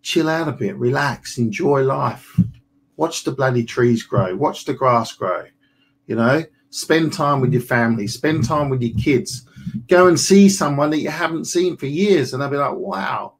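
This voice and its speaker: An animated man in his forties coaches listeners in a relaxed, colloquial way. His voice sits at a middle pitch, neither high nor low, and he keeps slipping into little acted-out conversations. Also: normal speed, poor audio. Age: 40s. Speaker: property business coach. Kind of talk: motivational webinar talk.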